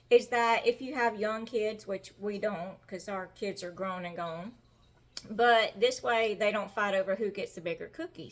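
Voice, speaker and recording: A middle-aged woman with a Southern American accent, chatting in a homey, folksy way as she bakes in her home kitchen. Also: mid-range voice. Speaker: home-cooking vlogger. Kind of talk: casual cooking demonstration.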